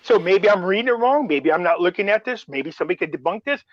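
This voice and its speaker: Rambling through a tale, this male host chats casually and performs other people's quoted lines. His voice is high-pitched, expressive, and fast, and the recording is muffled with no room sound.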